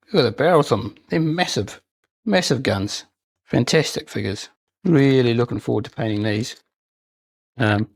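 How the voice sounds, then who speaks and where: A man with a gravelly, husky, medium-pitched voice shows off new miniatures on his own wargaming hobby channel. His unboxing chat is loose, rambling and enthusiastic, with some self-mockery, and there's no room sound.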